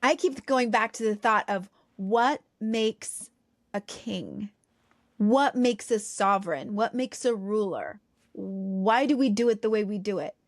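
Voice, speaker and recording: A woman's voice: mid-range voice, measured pace, no room sound, clean studio sound. A woman co-hosting a podcast, musing thoughtfully in a casual chat and posing rhetorical questions. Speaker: podcast co-host.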